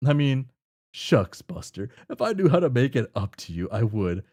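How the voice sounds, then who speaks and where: A man's voice: medium pitch, sing-song, normal speed, a little mellow, slightly rough, pitched below the performer's own voice. A man voicing a cheerful, clueless young man who talks in folksy old-fashioned slang while reading a webcomic aloud. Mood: sheepish. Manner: folksy, upbeat, oblivious.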